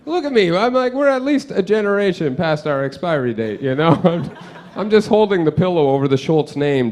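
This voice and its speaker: A young male comedian working a live club crowd, his voice sitting a little high for a man. He rambles through his stories and mocks himself as he goes, leaning on "like" and asides to the room. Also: big pitch swings, brisk, a little mellow. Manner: rambling, self-deprecating, heavy use of "like". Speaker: stand-up comedian. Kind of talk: stand-up comedy set.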